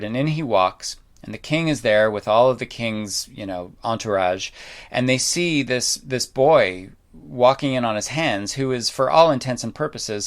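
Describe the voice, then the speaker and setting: A man telling a story in a casual, loose way, wandering into asides and dropping in mild swearing. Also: mid-range voice. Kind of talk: casual spoken storytelling talk.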